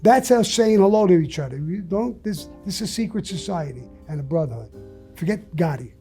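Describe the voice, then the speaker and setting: A man being interviewed, telling a story bluntly and profanely in a casual, animated way. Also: high-pitched, brisk, faint music behind. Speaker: interview guest.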